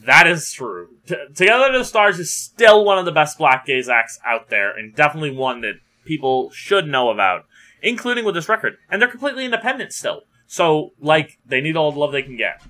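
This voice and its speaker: A young man talks casually on a music podcast, thinking aloud and hedging his opinions. His voice is bright, and his pitch moves a lot. He comes across as lively. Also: a little fast. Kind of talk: casual chat.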